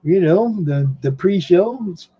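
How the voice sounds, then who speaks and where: A man's voice: high-pitched, expressive, measured pace, mellow, breathy edge, dull audio. A man hosting a podcast from home in rambling casual chat, laughing often. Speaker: podcast host.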